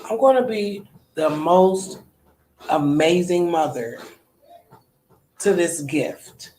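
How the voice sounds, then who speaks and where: A woman's voice: lowish voice, lively intonation, slow, dark tone, roomy sound, slight background noise, poor audio. A woman in her thirties, a podcast host, talking candidly in a personal monologue, colloquial, often trailing off and restarting. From United States.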